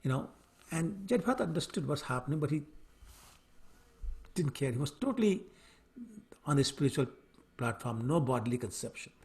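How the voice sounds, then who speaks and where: A man giving a scripture class, retelling a story in an animated way with fillers. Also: on the high side, moderate pace, gravelly, long pauses. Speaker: lecturer on scripture.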